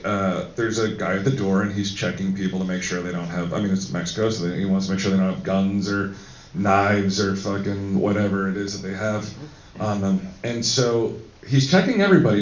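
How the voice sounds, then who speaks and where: A man telling a crude, rambling story with many fillers, on stage at a live podcast in a cinema. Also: fairly low pitch. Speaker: podcast co-host. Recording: echoey hall, distant mic, dull sound.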